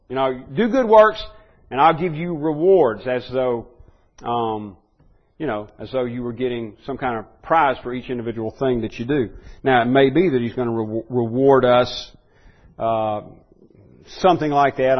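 A man teaching a conversational sermon, trailing off into soft asides and stumbling over repeated words, then pushing up to loud emphatic peaks. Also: mid-range voice, muffled recording. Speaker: preacher teaching a Bible study.

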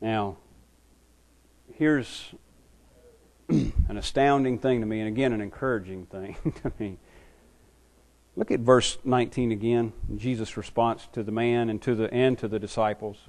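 A man's voice: medium pitch, steady tone, a little slow, long pauses, darkish tone. Earnest man preaching a sermon. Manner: earnest, repeats words while building points. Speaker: pastor.

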